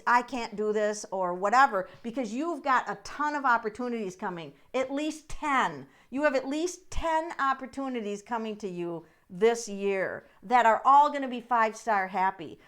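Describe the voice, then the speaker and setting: A woman's voice: fairly high pitch, a bit bright, clean tone. A middle-aged woman hosting a live tarot reading stream, chatting in an encouraging way and addressing viewers by name. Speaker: tarot reader and livestream host.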